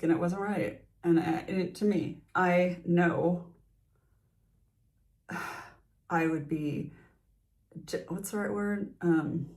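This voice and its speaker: Middle-aged woman, casual vlog, confiding, sighs and laughs, restarts sentences, slightly low voice. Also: darkish tone. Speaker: vlogger.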